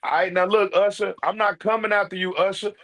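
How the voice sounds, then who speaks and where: A man's voice: high voice, fairly even intonation, a little fast, fairly bright tone. A man giving casual ranting commentary, brash and profane, calling people out directly. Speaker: online commentator.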